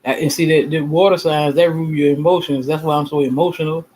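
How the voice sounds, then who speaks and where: Man host, fairly high voice, loose rambling chat with faint hiss behind, sure of himself. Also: steady tone, quick pace, a little mellow, poor audio. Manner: rambling, emphatic, self-assured, repeats himself. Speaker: channel host. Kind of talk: casual livestream talk.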